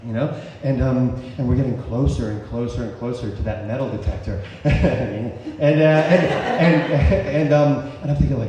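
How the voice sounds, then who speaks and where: A man's voice: mid-range voice, moderate pace, crowd noise. A man in his thirties telling a personal story live on stage, rambling and stammering with lots of fillers. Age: 30s. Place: stage at a cultural center. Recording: echoey hall from a distant mic.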